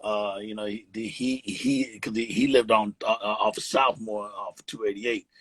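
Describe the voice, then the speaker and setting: Husky-voiced man telling stories, dry sound. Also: fairly low pitch, steady tone, moderate pace, no echo, low-quality recording. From Texas. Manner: rambling, restarts and "you know" fillers. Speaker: host of a live chat. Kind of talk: casual storytelling chat. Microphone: phone on a live video stream.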